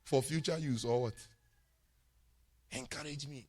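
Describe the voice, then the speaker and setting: A male pastor delivers a sermon in a fairly high voice, pressing his points home with emphatic repetition. He keeps turning to his congregation with questions to hold them with him. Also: animated, brisk.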